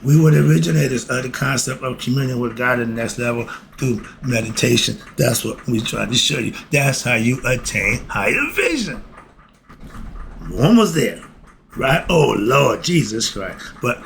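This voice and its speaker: A man who speaks gives a lively spiritual lesson. He keeps asking himself questions and answering them, and he laughs often. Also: mid-range voice, moderate pace, gravelly, slight background noise. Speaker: spiritual philosophy teacher.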